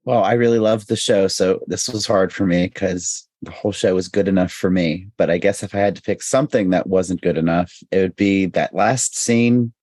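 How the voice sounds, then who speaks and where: A man's voice: low voice, steady tone, moderate pace, few pauses, darkish tone, no room sound. A man chatting as a podcast guest, earnest and questioning, often restarting his sentences. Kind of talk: casual podcast chat.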